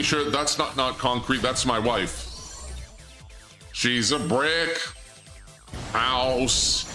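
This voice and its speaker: A young man streaming a game as a VTuber, rambling in goofy asides, cutting himself off and stammering. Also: medium pitch. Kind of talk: live game stream commentary.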